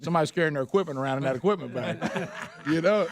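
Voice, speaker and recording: A man's voice: on the high side, lively intonation, fast, over a noisy crowd. A man hosting a radio talk show, joking and rambling in casual chat.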